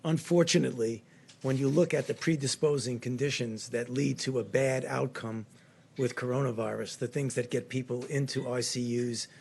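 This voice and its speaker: An older man giving measured, clinical explanations at a press briefing, speaking into a podium microphone. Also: mid-range voice, steady tone, gravelly, a little mellow, a little hiss or hum. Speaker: public health official at a briefing. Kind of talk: spoken press briefing remarks. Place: briefing room.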